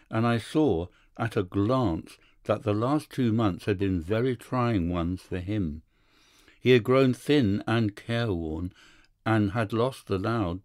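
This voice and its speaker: Low-voiced male audiobook narrator. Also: a little mellow, dry recording, studio quality. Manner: measured first-person storytelling. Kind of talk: scripted narration of a classic story.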